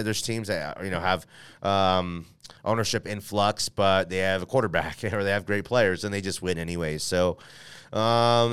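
Rambling, smooth-voiced man on a podcast. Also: low-pitched, no echo. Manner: rambling, self-correcting, many fillers. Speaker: podcast host. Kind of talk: casual podcast talk with ad read.

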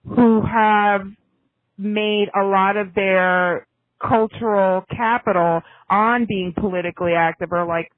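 A woman co-hosting a podcast in casual chat, opinionated and snarky, talking in quick bursts. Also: medium pitch, fairly even intonation, dry recording. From United States. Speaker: podcast co-host. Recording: tinny phone-like line.

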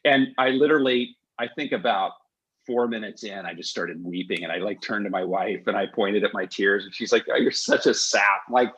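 A man's voice: on the low side, slightly rough, dull audio. A man hosting a podcast, telling long digressive stories in casual chat. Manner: animated storyteller, digressive. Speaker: podcast host.

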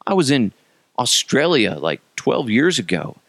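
Host, male, 30s, from Colorado: sarcastic comic ranter, gravelly edge, swooping delivery. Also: mid-range voice, big pitch swings, measured pace, fairly bright tone, no room sound, studio quality. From Colorado, USA. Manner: sarcastic, mocking, jumps into silly voices. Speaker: podcast host. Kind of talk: comedic solo rant.

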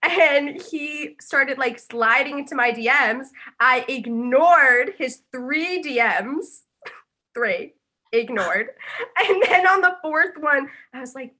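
A woman's voice: high voice, unhurried, sharp tone. A woman in her twenties, a podcast guest telling a story in casual chat, full of fillers and laughs.

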